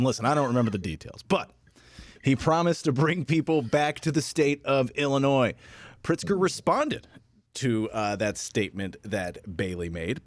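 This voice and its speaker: A man delivers political news on a podcast in a steady, measured way, reading a quote aloud. The recording is dry and close, with no room sound. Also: medium pitch, dry recording. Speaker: podcast co-host. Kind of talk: casual political chat.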